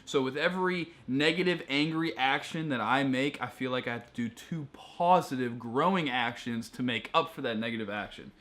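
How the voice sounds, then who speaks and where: A man's voice: mid-range voice, moderate pace, few pauses, fairly bright tone. A young man co-hosting a casual chat, blunt and argumentative, rambling as he explains himself. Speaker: co-host.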